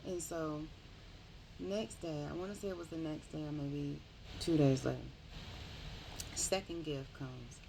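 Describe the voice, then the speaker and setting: A woman casually retelling a book's plot in a rambling, animated way, often correcting herself. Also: low-pitched, measured pace, vocal fry, pauses often, noisy background. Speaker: book reviewer. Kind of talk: casual book review.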